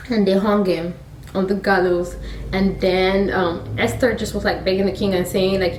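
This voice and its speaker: A woman with a Nigerian accent retelling a Bible story in a chatty, animated way, with laughing asides. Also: medium pitch, normal speed, a little hiss or hum. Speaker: faith storyteller, vlogger. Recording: roomy sound from a distant mic.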